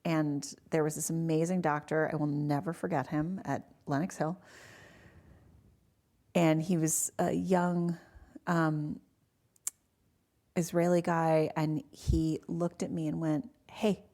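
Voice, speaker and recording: Lowish-voiced woman telling a lively story. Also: slow, long pauses. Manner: animated, acts out voices in her stories. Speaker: guest. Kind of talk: casual storytelling in a podcast interview.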